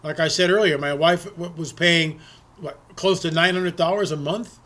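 A man's voice: fairly high pitch, normal speed, a bit bright. A man delivering an emphatic political monologue to his audience, often repeating words and restarting sentences. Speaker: political commentator.

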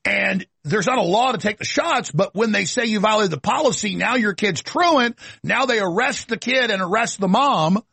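A man's voice: sits high, lively intonation, moderate pace, creaky, hardly any pauses, pushed and bright, breathy edge, no room sound. A middle-aged male talk show host delivering a ranting, emphatic political monologue.

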